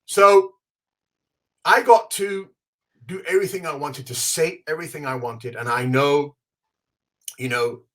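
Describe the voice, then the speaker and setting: A man co-hosting a podcast, telling an animated story in casual chat and acting out the quotes. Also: fairly high pitch. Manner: animated, acts out quotes with big swings. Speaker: podcast co-host.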